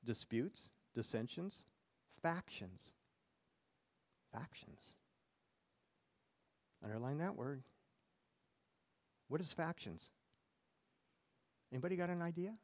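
A man's voice: on the high side, lively intonation, measured pace, long pauses, darkish tone. A male pastor preaching a sermon in church, reading scripture aloud and putting questions to the congregation.

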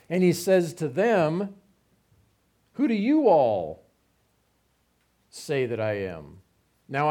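A man's voice: mid-range voice, darkish tone. A man giving a conversational Bible teaching, reading passages aloud and explaining them with informal asides.

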